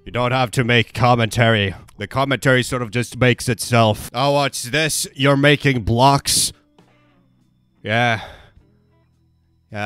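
A man's voice: medium pitch, fairly bright tone, clear, resonant tone, no room sound. A young man giving sarcastic, rambling commentary over his own Roblox gameplay as a YouTuber. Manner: sarcastic, rambling, self-mocking.

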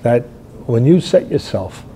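An older man, hosting a fight talk show, telling stories in a rambling way and shouting out quoted lines. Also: medium pitch, sing-song, unhurried, a little hiss or hum. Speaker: boxing trainer and show host. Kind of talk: animated fight analysis chat.

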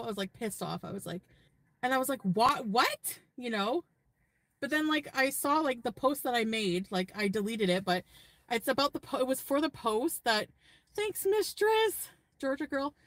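A woman chats away in a loose, rambling vlog from inside her car. Her voice sits a little high. The sound is close and dry. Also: fairly bright tone, no echo. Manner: rambling, chatty. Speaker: vlogger. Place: parked car.

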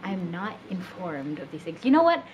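A woman's voice: lowish voice, big pitch swings, moderate pace, crowd noise, poor audio. A young adult woman chatting casually and animatedly, with lots of giggling and "like" fillers. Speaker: co-host friend. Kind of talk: casual chat.

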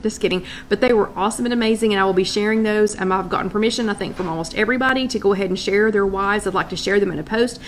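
A woman's voice: mid-range voice, rapid-fire, hardly any pauses, a little hiss or hum. A woman hosting a casual live chat from her loft, greeting viewers by name and thinking aloud as she reads comments. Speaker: host of a live wellness chat.

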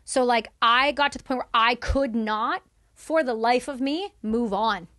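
A woman's voice: on the high side, unhurried, a bit bright, dry recording, studio quality. A woman in her thirties from Canada, a podcast guest telling her story in candid, emphatic conversation. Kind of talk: casual conversation.

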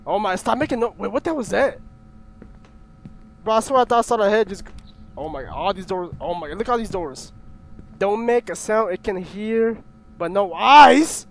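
A man's voice: sits high, expressive, moderate pace, creaky, long pauses. A young man nervously commentating a horror game, jumpy, often swearing and yelping. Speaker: gaming YouTuber.

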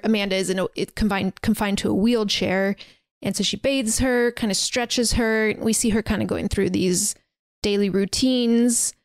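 A woman's voice: medium pitch, dry recording. A woman hosting a podcast, casually retelling a horror film's plot in a chatty way with many fillers and restarts. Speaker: podcast host. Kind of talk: casual movie recap.

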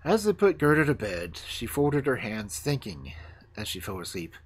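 Animated fairy tale reader on a stream, voice swoops up and down, kinda breathy. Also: medium pitch, moderate pace. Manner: animated read-aloud with voiced characters. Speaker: storyteller. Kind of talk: reading fairy tales aloud on a livestream.

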